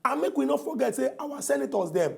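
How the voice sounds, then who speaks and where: A man's voice: very high voice, big pitch swings, quick pace, creaky, darkish tone. A man with a Nigerian Pidgin accent hosting a heated TV political debate, combative and theatrical. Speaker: TV talk show host.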